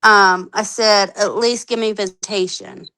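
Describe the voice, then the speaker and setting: A woman in her thirties telling her own story candidly on a podcast, animated, acting out the voices she quotes and swearing freely. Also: mid-range voice, a little slow, clean tone, rough recording. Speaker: podcast guest.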